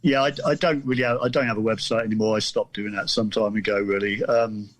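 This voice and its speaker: A man's voice: lowish voice, fairly even intonation, fast, no room sound. A middle-aged man from the south of England telling a story on a podcast, rambling and self-deprecating, with many restarts. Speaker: podcast guest, author. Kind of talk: casual storytelling.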